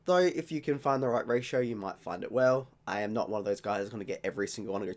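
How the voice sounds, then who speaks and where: A man's voice: fairly low pitch, rapid-fire, hardly any pauses, a little hiss or hum. Rambling, jokey Australian man. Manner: rambling, jokey and self-mocking. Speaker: vlogger. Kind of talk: casual beer-tasting vlog.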